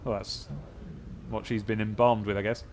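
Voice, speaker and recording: A man's voice: fairly low pitch, level tone, normal speed, darkish tone, slight background noise. A man playing a role-playing game, reading its text aloud and thinking through his choices in a casual, musing way. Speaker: let's play host.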